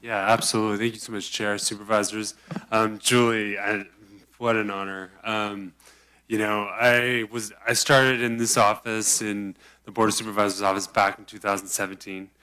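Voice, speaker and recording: A man's voice: lowish voice, level tone, normal speed, pushed and bright, smooth. A man giving a heartfelt, emotional public-comment tribute in a county board meeting chamber. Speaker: county board office staffer.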